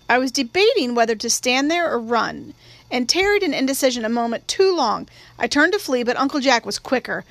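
A woman reading a novel aloud in first person, with a measured, wry storytelling manner. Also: high-pitched, very animated, a bit bright, no room sound. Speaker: audiobook reader. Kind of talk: first-person literary narration. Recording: dry, close studio read.

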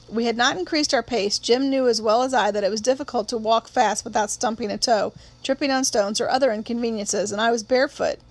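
A woman's voice: a little high, a little fast, hardly any pauses. Woman reading a novel aloud. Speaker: audiobook reader.

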